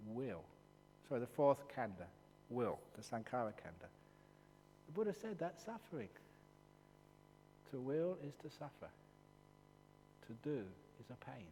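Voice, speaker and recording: A man, a Buddhist monk, giving a humorous dharma talk, playful and teasing, dropping at times to hushed passages, in an echoey hall with a faint hum. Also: medium pitch, big pitch swings, moderate pace, long pauses.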